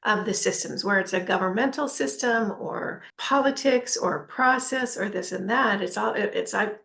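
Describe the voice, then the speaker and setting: A woman's voice: mid-range voice, normal speed, creaky, fairly bright tone. A woman hosting a casual interview who speaks reflectively and laughs easily.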